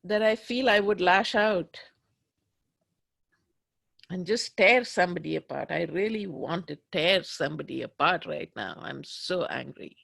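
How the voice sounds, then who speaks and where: A woman leading a guided tapping session, speaking slowly and emphatically as she voices raw anger and fear. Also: lowish voice, creaky, a bit bright, no room sound. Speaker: tapping practitioner.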